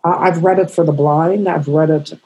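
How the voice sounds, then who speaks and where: A woman in her eighties, a comedian guest, telling stories in an emotional, halting way. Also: deep voice, steady tone, mellow, husky, low-quality recording. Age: 80s. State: crying. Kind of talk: storytelling interview answers.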